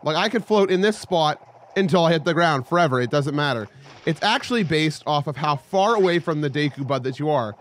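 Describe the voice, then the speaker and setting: A young man with a voice on the high side talks briskly as he commentates his gameplay. This let's play host is excitable and joking, letting out sudden yelps at surprising moments.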